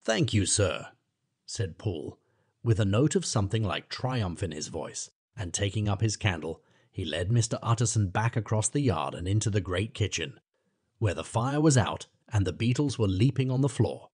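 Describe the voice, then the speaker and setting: Male audiobook narrator, dramatic expressive reading, dry close sound, husky tone. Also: lowish voice, moderate pace, no echo. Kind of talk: scripted narration of a classic novella.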